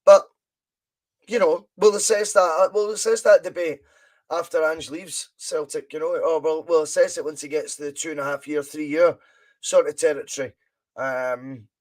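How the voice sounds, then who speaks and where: A man's voice: on the high side, steady tone, normal speed. A Scottish man hosting a live football watch-along podcast, chatting in a rambling way and reading viewer comments aloud. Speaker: podcast host.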